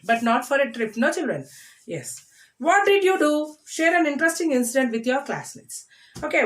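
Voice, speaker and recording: High-voiced woman teaching schoolchildren. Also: fairly bright tone. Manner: drills words slowly, spells them letter by letter; coaxing, asks "okay, children?" often. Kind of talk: classroom reading lesson.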